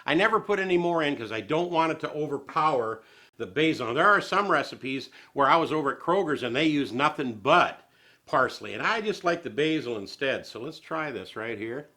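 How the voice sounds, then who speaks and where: Bright-voiced folksy male cooking host. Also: on the high side, expressive, fairly quick. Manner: homespun, chatty, chuckles often.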